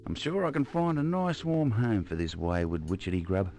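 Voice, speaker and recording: A man's voice: fairly low pitch, steady tone, normal speed, a little mellow, faint music behind, lightly acted. Male actor as a genial bush trader, old adventure-game dialogue.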